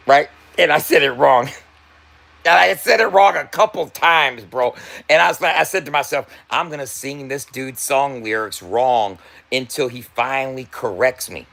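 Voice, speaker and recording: A man's voice: medium pitch, expressive, normal speed, creaky, a bit bright. A man, a tattoo artist and rapper, telling a loose, profane story to his viewers, laughing often, repeating and stumbling over his words, stoned.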